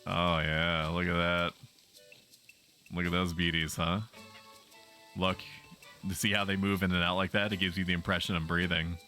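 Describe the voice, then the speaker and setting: A man's voice: low-pitched, little pitch movement, moderate pace, long pauses, bright, forceful tone, soft background music. A man streaming a game, chatting playfully and bawdily with his viewers in a teasing, casual way. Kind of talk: casual gaming commentary.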